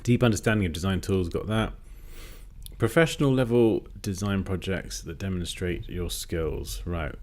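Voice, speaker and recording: A man's voice: low voice, moderate pace, a little mellow. A British man chatting casually as he designs live, thinking aloud while he works. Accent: standard British English. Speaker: designer teaching on a livestream. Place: home workspace with a cat nearby.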